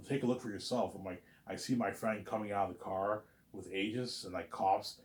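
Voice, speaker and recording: A man rambling to camera as he pitches a movie plot, repeating himself and acting out characters' lines in sudden loud bursts. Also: fairly even intonation, brisk. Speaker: vlogger pitching a movie idea. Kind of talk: rambling casual monologue to camera.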